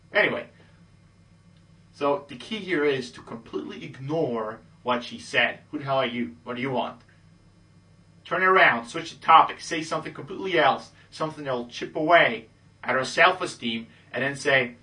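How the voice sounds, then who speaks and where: A man coaching listeners on dating in a confident, matter-of-fact monologue, ending almost every point with a low "okay?". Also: lively intonation, a little fast, sharp tone, recorded from a distance. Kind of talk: instructional monologue.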